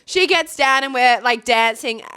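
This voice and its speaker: A young adult woman co-hosting a podcast, telling a festival story in a casual, animated way, laughing often and acting out quotes. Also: high voice, a little slow, smooth. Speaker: podcast co-host.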